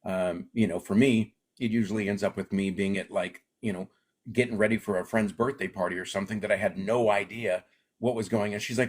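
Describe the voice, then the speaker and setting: Middle-aged comedian guy from alaska, low kinda husky voice, casual chat, acts out the voices in his stories. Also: brisk. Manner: animated storyteller, acts out quoted voices. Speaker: comedian guest.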